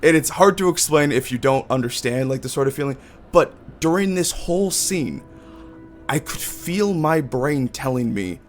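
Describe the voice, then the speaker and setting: A man's voice: on the high side, animated, moderate pace. Male streamer, casual and rambling, swears freely, faint music behind. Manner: rambling, profane, many restarts. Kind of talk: casual chat on a game stream.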